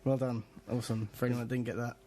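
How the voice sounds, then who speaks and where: A man's voice: medium pitch, little pitch movement, fast talker, dark tone. A man co-hosting a casual podcast, rambling with lots of fillers and restarts. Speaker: podcast co-host.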